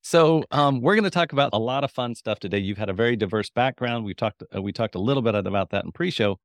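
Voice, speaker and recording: A man's voice: mid-range voice, fast, dry recording, clean studio sound. A man hosting a podcast interview, enthusiastic and rambling, with frequent restarts. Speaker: podcast host. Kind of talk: interview chat.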